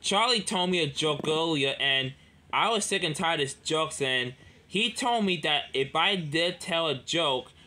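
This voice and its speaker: A man's voice: a little high, expressive, measured pace, sharp tone, slight background noise. A man voicing a guilty male engine stammering out excuses.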